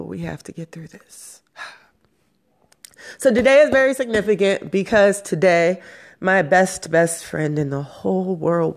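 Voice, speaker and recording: A woman in her forties hosting her own vlog, talking through her feelings in a raw, emotional, profane way. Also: medium pitch. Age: 40s. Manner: slow, profane, emotional and self-hyping. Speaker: vlog host. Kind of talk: raw personal vlog monologue.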